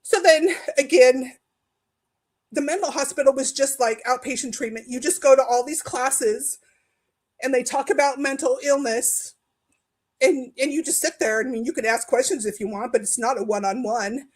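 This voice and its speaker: High-voiced woman telling a raw personal story. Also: moderate pace, low-quality recording. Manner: emotional, voice breaking into tears at times. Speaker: discussion participant. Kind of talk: personal story in a group discussion. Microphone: video call.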